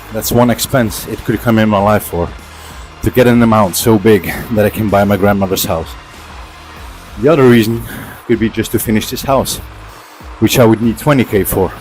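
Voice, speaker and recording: A man's voice: lowish voice, a little mellow, poor audio. A man casually telling a rambling story while cycling on an indoor trainer, slightly out of breath. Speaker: vlogger. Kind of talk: casual storytelling during a workout. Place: indoor training setup at home.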